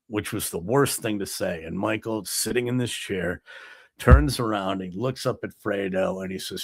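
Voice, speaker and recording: Male talk show host, low and gravelly, dry close sound, casual rambling delivery. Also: a little slow, no room sound. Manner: rambling, filler-heavy retelling. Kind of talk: casual monologue.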